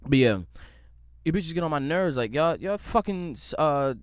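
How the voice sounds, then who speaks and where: A man's voice: a little high, animated, moderate pace, dry recording, studio quality. A man hosting his own podcast, ranting and joking in a rambling, profane way. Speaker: podcast host. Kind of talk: casual comedic rant.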